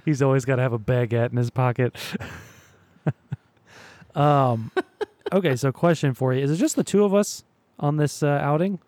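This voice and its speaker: A man's voice: mid-range voice, moderate pace, long pauses, a little mellow, dry recording. A man co-hosting a casual chat, easygoing and teasing, laughing often. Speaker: podcast co-host.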